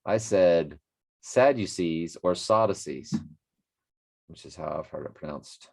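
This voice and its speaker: A man's voice: a bass voice, normal speed, gravelly, mellow, husky. A man hosting a daily Bible study, reading scripture aloud and musing on it in a rambling, self-correcting way. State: a bit winded after a workout. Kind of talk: casual Bible reading and commentary.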